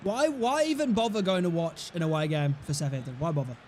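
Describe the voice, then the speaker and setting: A man's voice: on the high side, a little fast, darkish tone, slight background noise. A young man giving casual, blunt, mocking commentary while playing a football game, swearing freely. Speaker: gaming streamer.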